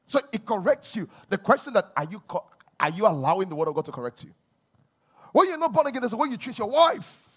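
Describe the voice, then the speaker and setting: Husky high-voiced preaching man. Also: sing-song, fast talker. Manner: preaching with wide swings between loud emphasis and quiet asides. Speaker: pastor. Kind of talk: sermon.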